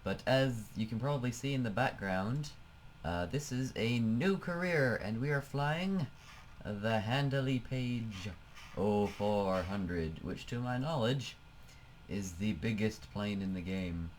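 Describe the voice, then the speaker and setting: A man's voice: lowish voice, lively intonation, takes it slowly, slight background noise. A man giving casual, chatty commentary over a flight-sim game, thinking aloud and trailing off as he clicks through menus. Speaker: let's play host.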